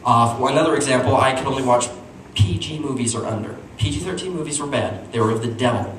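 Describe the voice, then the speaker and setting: A man performing a stand-up comedy story at a small live show, animated and breaking into squeaky voices for his characters. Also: quick pace. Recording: echoey room, distant mic, noisy.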